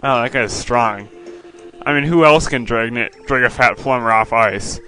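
Guy mumbling through a let's play, quiet and offhand, kinda sarcastic, bright tone. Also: medium pitch, a little slow, soft background music. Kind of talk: casual game commentary.

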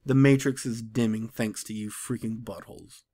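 A man's voice: medium pitch, moderate pace. Exasperated man ranting casually. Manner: exasperated, animated, mocking; rambling with frequent restarts. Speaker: comics vlogger.

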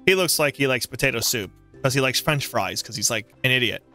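Bright-voiced sarcastic gaming host. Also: male voice, mid-range voice, lively intonation, a little fast, faint music behind. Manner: sarcastic, jokey, reads game dialogue aloud in mocking voices. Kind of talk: let's play commentary.

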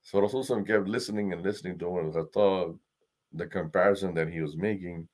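A man, an imam, giving a Quran lesson, telling stories with swings from loud to hushed and reciting Arabic verses quickly. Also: low voice.

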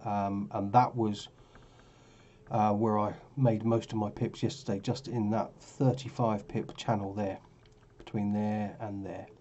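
A tired man with a very dark, mellow voice rambles through his trading charts, often stopping to correct himself. His low voice comes through a dull, lo-fi mic with a faint hiss behind it. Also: level tone, measured pace. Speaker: forex trading vlogger. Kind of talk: casual screen-share commentary.

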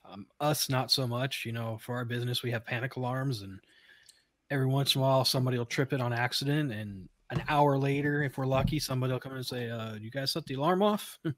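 A man's voice: medium pitch, fairly even intonation, fast talker. A man co-hosting a podcast, chatting in an easygoing way. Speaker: podcast co-host. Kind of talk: casual chat.

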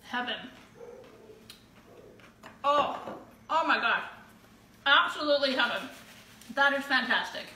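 A woman's voice: high-pitched, slow, long pauses, sharp tone, far from the mic. A woman hosting a live stream, frying tortilla chips in her home kitchen and chatting to viewers, bubbly and full of whoops. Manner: bubbly, exclaims often with whoops. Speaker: host of a live giveaway show. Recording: roomy echo, voice a bit off-mic, faint room noise.

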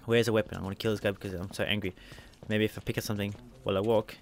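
Fast-talking man doing game commentary. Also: lowish voice, flat delivery, a little hiss or hum. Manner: narrates each move, spells out letters, repeats phrases. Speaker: let's play gamer.

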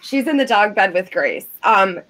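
A woman's voice: mid-range voice, normal speed. A woman co-hosting a podcast, telling a story in casual chat, quoting people and cursing freely. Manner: animated, profane, quoting others. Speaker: podcast co-host.

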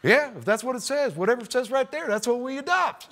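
A man voicing a clueless, easygoing rural male building official who talks in a slow drawl. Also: very high-pitched, expressive, a bit bright, pitched above the performer's own voice, exaggerated voice.

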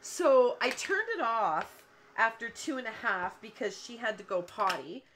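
A woman's voice: fairly high pitch, lively intonation, measured pace, background noise. Chatty woman rambling at her craft table. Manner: chatty, rambling storyteller who laughs often. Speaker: cardmaking show host. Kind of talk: casual livestream chat while crafting. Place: home craft room at her work table.

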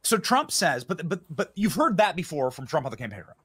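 A man giving heated political commentary, indignant and quick to hurl insults, often restarting his sentences. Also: on the high side, very animated, fairly bright tone, husky. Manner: indignant, name-calling, many restarts.

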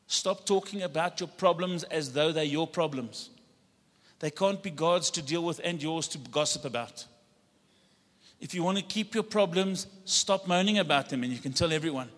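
A man preaches to his congregation, his voice high and bright. He rouses them into call-and-response declarations. The sound carries a long reverb from the church hall. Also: moderate pace. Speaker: pastor. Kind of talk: sermon. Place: church sanctuary.

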